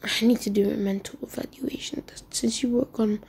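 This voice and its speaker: An easygoing old village leader, as a woman puts him on in a fan storytelling video. He speaks in an offhand, matter-of-fact way. The voice stays somewhat high and mellow. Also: steady tone, a little fast, creaky, husky, exaggerated voice.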